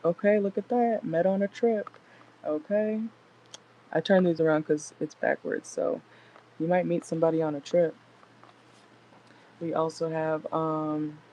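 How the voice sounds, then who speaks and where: A woman's voice: low voice, dark tone, slight background noise, rough recording. A young woman doing a casual live tarot reading from inside a car, chatty and laid-back, laughing often and swearing casually. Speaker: tarot reader.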